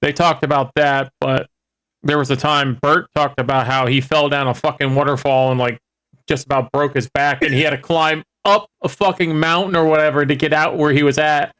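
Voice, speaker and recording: A man's voice: on the high side, steady tone, normal speed, fairly bright tone, clean tone. A man co-hosting a casual comedy podcast, joking and swearing freely. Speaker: podcast co-host.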